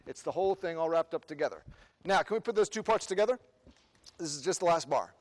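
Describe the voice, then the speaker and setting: A band clinician runs a rehearsal in a big, reverberant room where the sound rings on. Animated and a little mellow, with a voice pitched higher than most men's, he counts the band in, sings brief rhythm syllables to show the parts, and quizzes the ensemble rapidly between run-throughs.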